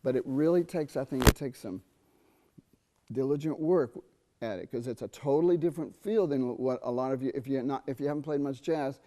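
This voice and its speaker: Brief: middle-aged male trumpet teacher, animated masterclass delivery, sings phrases to demonstrate. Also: mid-range voice. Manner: animated, sings rhythms and asks students quick questions. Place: university theatre.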